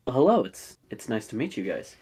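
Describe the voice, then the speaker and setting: A man voicing a calm telepathic woman. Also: mid-range voice, normal speed, breathy edge.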